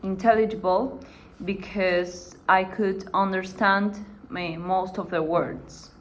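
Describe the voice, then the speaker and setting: A woman's voice: medium pitch, steady tone, slow pace, slight background noise, low-quality recording. A young woman student giving a class presentation for an assignment, hesitant and dotted with "eh" fillers.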